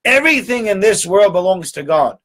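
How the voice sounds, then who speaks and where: A man's voice: sits high, big pitch swings, brisk, a bit bright. A man giving an informal Torah lecture in a conversational way, often checking in with "right?" and doubling words for emphasis. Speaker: rabbi giving a Torah talk.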